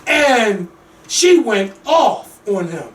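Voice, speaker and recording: A man hosting a casual talk show, ranting bluntly and profanely about reality TV, with lively swings in loudness. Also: high voice, extremely slow, slight background noise. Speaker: podcast host. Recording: echoey room, mic at a distance.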